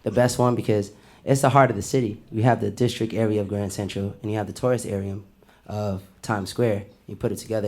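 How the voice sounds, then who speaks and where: A man's voice: on the low side, darkish tone. A man who plays as a subway street musician, chatting easily in a live studio interview and sprinkling in 'you know'. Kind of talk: casual interview chat. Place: live studio event with an audience.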